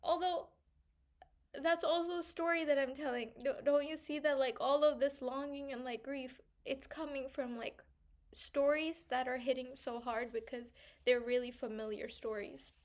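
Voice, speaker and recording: A young woman speaks in a high voice in a personal vlog monologue. She is reflective and searching, pausing often and filling gaps with "like." At times she sounds tearful. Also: fairly even intonation. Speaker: vlogger.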